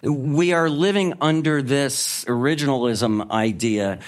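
Man, interviewer, mid pitch, short prompts, faint crowd noise. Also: unhurried. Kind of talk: political interview.

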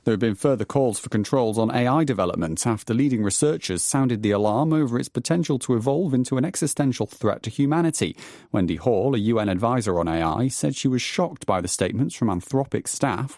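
A man reading the radio news in a measured, formal way. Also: medium pitch, expressive, creaky, a little mellow, dry recording, clean studio sound. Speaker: newsreader.

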